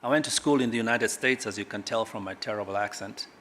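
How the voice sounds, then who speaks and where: A middle-aged man from Kenya, a government guest speaker at a corporate launch, speaks emphatically and swings sharply between loud and quiet. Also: lowish voice, quick pace. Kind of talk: public speech at a corporate launch.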